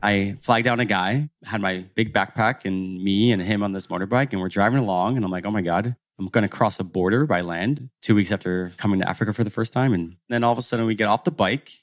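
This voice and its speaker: Guy telling a travel story, acts out the lines, lowish voice, dry sound. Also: quick pace, few pauses, no echo. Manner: animated, acts out dialogue. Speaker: podcast guest.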